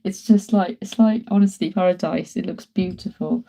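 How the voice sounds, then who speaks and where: Brief: woman in her 30s, artist hosting a live stream from her home studio, chatty and giggly, very warm, dark tone. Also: fairly low pitch, fairly even intonation, moderate pace, creaky, poor audio. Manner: chatty, laughs often, greets viewers. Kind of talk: casual live-stream chat.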